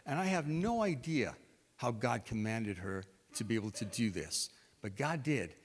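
A man preaching a sermon, retelling scripture in an animated storytelling way as if acting it out. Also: a little high, normal speed. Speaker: pastor. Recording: reverberant hall.

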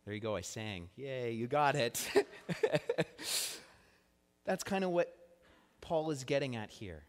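A pastor with a medium-pitched, expressive voice preaches slowly in a church sanctuary, and the recording carries a long church hall reverb. His sermon is earnest and chatty, and he draws the congregation in to repeat words along with him.

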